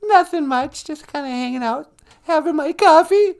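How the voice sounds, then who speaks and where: A squeaky male sidekick, as a man puts him on, piping up in a thin, high falsetto. He answers in short, easygoing lines and never argues. The voice sits far above a normal man's speaking pitch. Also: animated, moderate pace, a little mellow.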